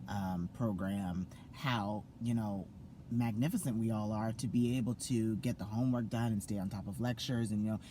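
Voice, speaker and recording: Young male vlogger, effusive and excitable, mid-range voice, faint hiss behind him. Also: mid-range voice. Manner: gushing, effusive, many fillers and restarts. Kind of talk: excited casual vlog to camera.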